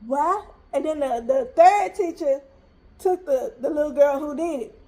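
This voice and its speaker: A mother telling a story in an animated, emphatic, exasperated way. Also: sits high, a little slow. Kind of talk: storytime vlog.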